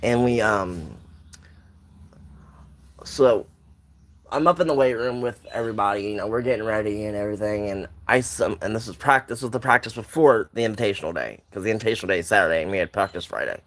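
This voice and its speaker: A man's voice: fairly low pitch, lively intonation, fairly quick, fairly bright tone. A young man telling a personal story in a casual, rambling way, with lots of restarts and side notes. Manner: rambling, with many restarts and asides.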